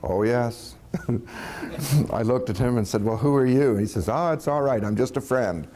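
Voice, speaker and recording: A man spinning a long personal anecdote in an easy, conversational way. He chuckles often and slips into different voices when he quotes people. His voice sits at an average pitch for a man. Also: unhurried. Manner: animated storytelling, chuckling, acting out quoted voices. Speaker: storyteller. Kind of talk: casual anecdote telling.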